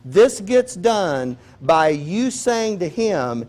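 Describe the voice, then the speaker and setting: Male preacher, high voice, folksy sermon delivery, animated storytelling. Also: drawn-out words. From Texas. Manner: folksy, animated, acts out quoted prayers. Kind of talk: conversational sermon.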